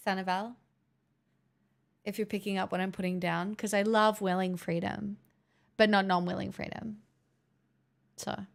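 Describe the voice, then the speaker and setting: A woman's voice: medium pitch, gravelly. A young woman live streaming on a headset mic, chatting to her viewers in a giggly, rambling, self-mocking way. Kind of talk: casual chat with stream viewers.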